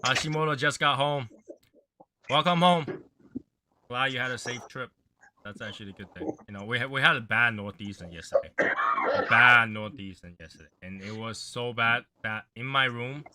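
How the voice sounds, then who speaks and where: A man's voice: medium pitch, normal speed, background noise. A man hosting a casual livestream chat, rambling in a gloomy, offhand way and swearing now and then. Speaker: livestream host.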